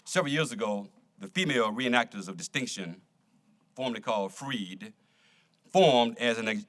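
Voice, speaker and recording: A man's voice: fairly low pitch, fairly bright tone. A man emceeing an event in an auditorium, making formal stage introductions. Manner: formal announcing.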